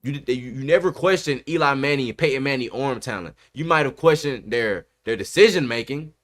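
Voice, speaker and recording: A man's voice: medium pitch, brisk. Emphatic man arguing sports. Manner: emphatic, animated, repeats "bro" often. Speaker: podcast host. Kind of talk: casual sports debate. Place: podcast studio.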